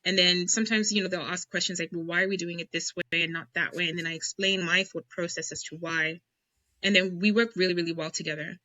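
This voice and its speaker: Bright, emphatic woman whiskey maker. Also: on the low side, steady tone, fast, no room sound, highs cut off. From United States. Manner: enthusiastic, emphatic. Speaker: guest, whiskey founder and blender. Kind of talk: casual podcast interview.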